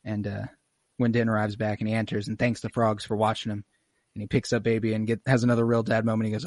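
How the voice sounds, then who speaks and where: A young man talks through an episode like he's chatting with friends, animated and quick to laugh, with lots of swearing. His voice sounds dry and close, with no room behind it. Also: lowish voice, no room sound. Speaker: podcast host recapping an episode. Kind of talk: casual chat.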